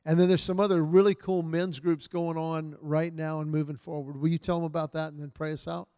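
Earnest man with a mellow voice. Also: on the high side, little pitch movement, fairly quick, clean tone, dry recording. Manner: earnest and heartfelt, retelling stories with soft quoted lines. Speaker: men's ministry speaker. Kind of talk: church talk to a men's group.

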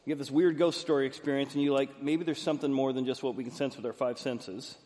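A man's voice: mid-range voice, fairly even intonation, a little mellow. A man interviewing a guest, summing up the story and laying out arguments in detail. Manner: measured, explains arguments in detail. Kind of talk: interview questions and summaries. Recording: long hall reverb.

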